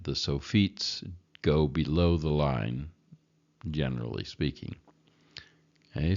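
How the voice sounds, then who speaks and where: Very deep, gravelly, slow-speaking male teacher. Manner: slow, patient, repeats each word for learners. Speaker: Hebrew reading teacher. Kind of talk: recorded reading lesson. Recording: dull lo-fi recording.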